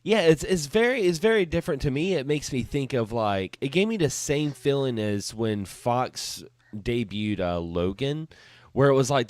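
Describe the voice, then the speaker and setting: A young man with a mid-range voice co-hosts a podcast in a relaxed, easygoing way, pausing on fillers. The sound is close and dry. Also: mid-range voice, no room sound. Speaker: podcast co-host. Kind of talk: casual chat.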